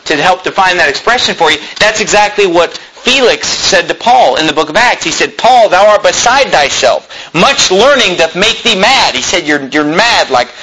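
A male pastor preaching an intense sermon, building to shouted quotes and stumbling over quick restarts. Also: sits high, lively intonation, a little hiss or hum, low-quality recording. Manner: intense preaching, rising to shouts when quoting, with stammered restarts. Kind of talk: fervent sermon.

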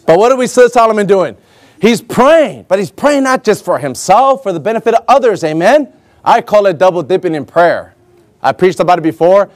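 A young man preaching a lively, joking sermon as a substitute preacher, acting out little scenes and slowing down to read scripture with emphasis. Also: high-pitched, no echo. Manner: slow, emphatic scripture reading.

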